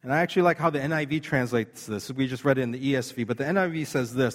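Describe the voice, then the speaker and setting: Earnest man preaching in a reverberant hall. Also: medium pitch. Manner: earnest, conversational preaching with slow emphatic scripture reading. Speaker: pastor. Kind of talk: sermon.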